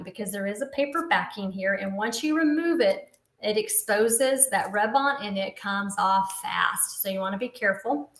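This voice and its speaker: A woman's voice: fairly high pitch, roomy sound. Chatty woman demonstrating crafts. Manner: chatty, explains step by step while working. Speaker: papercraft instructor.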